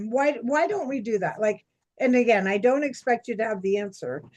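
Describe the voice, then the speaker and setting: Woman cohost, chatty storyteller, kinda high voice, animated. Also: normal speed. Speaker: podcast co-host. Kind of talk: casual chat.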